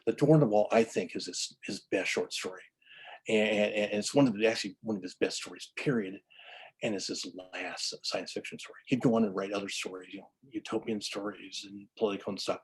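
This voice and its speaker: A man's voice: fairly low pitch, steady tone, a little fast, slightly rough, low-quality recording. A man giving an enthusiastic lecture-style story about book history, full of restarts and stammers.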